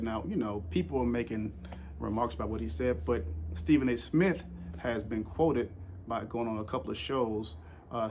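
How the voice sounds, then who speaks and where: Guy doing a chatty sports rant for his channel, medium pitch, trips over his words, keeps asking viewers what they think. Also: a little hiss or hum. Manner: rambling, with frequent fillers and restarts; asks the audience questions directly. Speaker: sports commentary vlogger. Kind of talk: casual spoken commentary to viewers.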